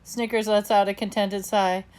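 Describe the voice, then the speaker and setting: A woman reading a children's novel aloud in the first person, with expressive storybook narration. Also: mid-range voice, moderate pace. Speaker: audiobook narrator.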